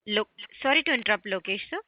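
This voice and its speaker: A woman's voice: mid-range voice, expressive, quick pace, dry recording, lo-fi sound. A woman moderating a conference call, polite and formal as she manages the queue.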